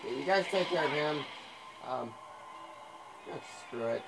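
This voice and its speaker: A young man rambles through his gameplay commentary in a gravelly, creaky voice, stacking up fillers as he goes. The recording is noisy, with a steady hiss beneath his talk. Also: a little high, measured pace. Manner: rambling, filler-heavy, easily sidetracked. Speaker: gamer.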